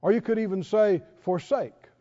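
A man's voice: high-pitched, dark tone. Emphatic preacher man, echoing hall. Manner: emphatic, draws out scripture quotes slowly; folksy, asks the audience questions. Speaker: pastor. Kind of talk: sermon. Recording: dull lo-fi recording in a reverberant hall.

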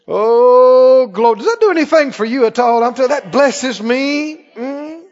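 A man pastor preaching a sermon emphatically, rising to shouts and dropping to quick asides. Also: very high voice, expressive. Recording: dull sound with long church reverb.

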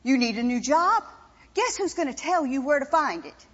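A woman's voice: high voice, big pitch swings, moderate pace. A woman preaching a sermon with impassioned, emphatic repetition. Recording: dull sound with long reverb in a hall.

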